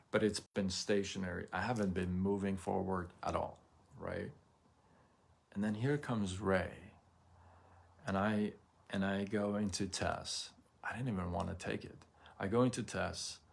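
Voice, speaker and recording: A man hosting a motivational livestream, talking earnestly and haltingly, often repeating words and checking that viewers follow him. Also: deep voice, creaky. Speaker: livestream host. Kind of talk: emotional motivational livestream talk.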